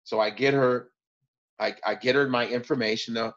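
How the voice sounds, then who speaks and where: A man, a comedian guest, telling stories in casual talk, profane and animated, jumping up in pitch when acting out moments. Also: normal speed, lo-fi sound. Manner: profane, animated retelling with bursts of high pitch. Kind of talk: casual storytelling.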